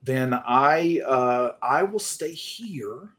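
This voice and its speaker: A man's voice: medium pitch, animated, drawn-out words, fairly bright tone. A man playing in a tabletop horror game, talking in a rambling, hedging, playful way. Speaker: player. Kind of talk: in-character tabletop play.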